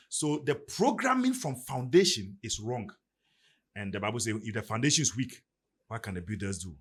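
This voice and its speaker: Emphatic Ghanaian man with husky voice. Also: medium pitch, expressive, a little fast, a bit bright. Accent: Ghanaian English. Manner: preacherly, emphatic, rising and falling delivery. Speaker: podcast guest. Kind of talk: motivational podcast talk.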